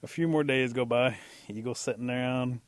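A man telling a traditional animal story in a relaxed, unhurried, folksy way. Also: mid-range voice, dry recording.

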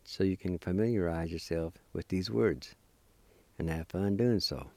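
A man teaching a language lesson, spelling and pronouncing each word slowly and repeating it. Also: low-pitched, dark tone, no room sound. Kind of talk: slow spelling and pronunciation lesson.

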